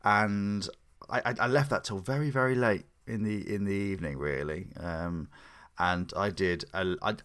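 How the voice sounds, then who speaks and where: A man's voice: fairly low pitch, moderate pace, a bit bright. A man co-hosting a podcast in casual chat, rambling and teasing, often restarting his sentences. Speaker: podcast co-host.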